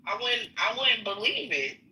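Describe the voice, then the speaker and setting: A woman's voice: a little high, animated, moderate pace, sharp tone, distant mic, poor audio. A woman rambling through her view in a political discussion, often trailing off.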